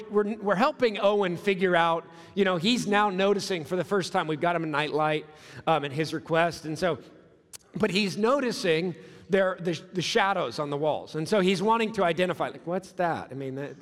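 Pastor in his 30s, high voice, chatty sermon delivery with long church reverb. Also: a bit bright. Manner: conversational, builds through repeated phrases. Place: church sanctuary.

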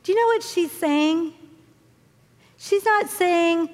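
A woman's voice: extremely high pitch, lively intonation, takes it slowly, long pauses. An older woman preaching a sermon to a group of girls, telling the story expressively and acting out the voices of its people. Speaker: speaker at a women's event. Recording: long hall reverb.

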